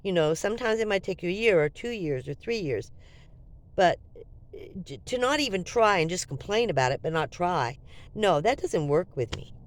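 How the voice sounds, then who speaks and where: Give me an animated woman in her seventies telling a story casually, with lively, swooping pitch. She has a cold and acts out both sides of each conversation. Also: normal speed. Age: 70s. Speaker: vlogger.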